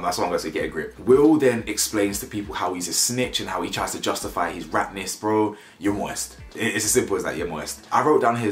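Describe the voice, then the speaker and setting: A young man, recapping a reality show episode in casual, animated, slang-heavy banter with mocking impressions. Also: lowish voice, echoey room.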